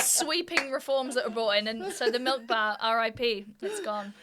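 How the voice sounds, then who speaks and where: A woman from North Wales, a comedian and podcast guest, telling animated anecdotes in a casual chat, with a faint Welsh lilt under a mostly English-sounding accent and lots of fillers and restarts. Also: fairly high pitch, moderate pace, few pauses, very noisy. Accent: light Welsh-English, mostly English-sounding.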